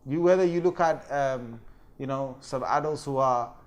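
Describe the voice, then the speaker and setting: A man teaching a religious lecture, telling the story in a lively way and acting out quoted voices and fake crying. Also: medium pitch, normal speed. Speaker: Islamic teacher.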